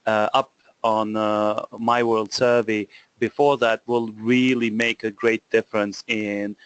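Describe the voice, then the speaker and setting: A man's voice: lowish voice, flat delivery, slow pace, a bit bright, smooth, no room sound, dull audio. Polite hesitant man from Kosovo. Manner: polite, hesitant, repeats words. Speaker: caller, partner organizer. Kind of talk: asking a question on a webinar call.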